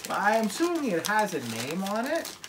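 Cheery American mom-vlogger type, animated and exclaiming, gently herding a kid through an unboxing. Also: female voice, medium pitch, normal speed, background noise. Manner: upbeat, exclaiming, coaxing a child along. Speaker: family vlogger. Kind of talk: casual home unboxing chat.

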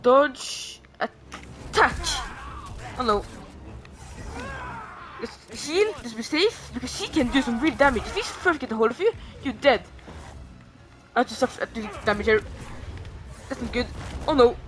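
A woman giving casual commentary on her own gameplay, reacting out loud, pleading with and taunting the enemy, and swearing now and then. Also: on the high side, lively intonation, unhurried, long pauses. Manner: reactive, pleading and groaning at the game. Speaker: gamer streaming a playthrough.

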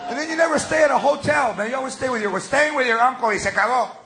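A middle-aged man doing a live stand-up comedy routine, animated and shouting punchlines while mixing Spanish slang into his English. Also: very high voice, quick pace, hardly any pauses, a crowd in the background, background noise. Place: live comedy stage before an audience. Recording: live show with loud audience laughter.

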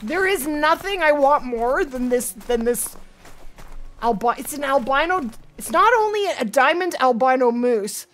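Excitable woman streamer, lively pitch. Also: unhurried. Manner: excitable, chatty, talks to her chat and the game. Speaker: livestream host. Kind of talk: live gaming stream chat.

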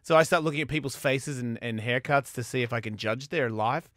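A man's voice: medium pitch, a little fast, fairly bright tone, no echo, clean studio sound. A man hosting a radio show, talking in crude, rambling banter with lots of stammering restarts. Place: radio studio. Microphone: studio microphone.

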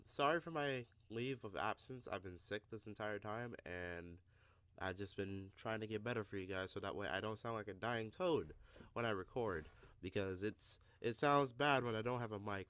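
A man's voice: lowish voice, no room sound. A young man in his twenties hosting a reaction video, chatting casually with filler ums and playful jokes. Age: 20s. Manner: relaxed and rambling, with filler ums and playful joking. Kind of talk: casual chat to camera.

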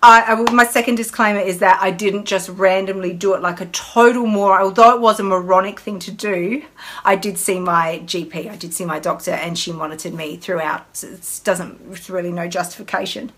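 A woman's voice: medium pitch, steady tone, fairly quick, fairly bright tone. A woman hosting a casual live stream, talking candidly and emphatically about her own eating habits. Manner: candid, chatty, emphatic, with acted inner dialogue. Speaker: host.

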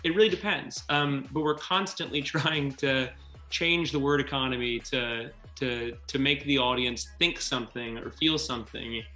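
A man, a filmmaker guest, chatting in an interview, telling stories quickly and acting out quotes. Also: medium pitch, echoey room, soft background music. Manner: animated, quick storytelling, acts out quotes. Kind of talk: casual interview chat.

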